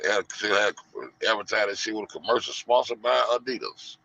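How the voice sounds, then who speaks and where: A man's voice: on the low side, steady tone, moderate pace, pushed and bright. A man hosting a casual commentary show, rambling and profane, acting out the people he talks about. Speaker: show host. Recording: lo-fi dull audio.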